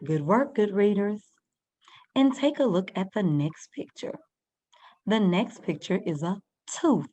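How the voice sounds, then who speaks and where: A woman's voice: mid-range voice, lively intonation, a little slow, dark tone. A woman teaching a first-grade reading lesson, patiently sounding out words and guiding young children step by step.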